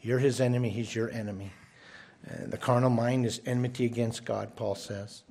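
A man's voice: steady tone, normal speed, vocal fry, a little mellow, slightly rough. Male pastor, mid-range voice, earnest sermon delivery with repeats and emphatic rises. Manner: earnest, repeats words when restarting, rises in pitch for emphasis. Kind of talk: expository sermon.

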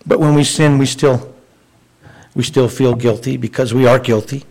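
A man's voice: mid-range voice, steady tone, moderate pace, creaky, darkish tone, low-quality recording. A man preaching a sermon in an earnest, conversational way, often restarting his sentences. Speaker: pastor.

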